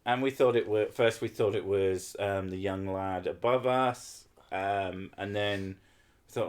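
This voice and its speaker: A man's voice: lowish voice, a little slow. Sweary man ranting casually. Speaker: podcast host. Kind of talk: casual chat.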